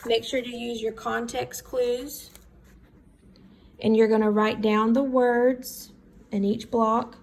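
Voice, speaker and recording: A woman teacher giving a recorded reading lesson, talking slowly and thinking aloud as she works through words. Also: fairly high pitch, little pitch movement, gravelly. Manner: slow, thinking aloud while writing.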